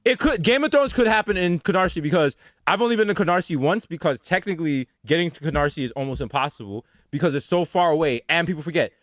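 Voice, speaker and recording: A middle-aged man, co-hosting a podcast from home and spinning absurd tall tales in a deadpan, casual comedic chat. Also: a little high, fast, no room sound, studio quality. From the Bronx, New York. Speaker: podcast co-host.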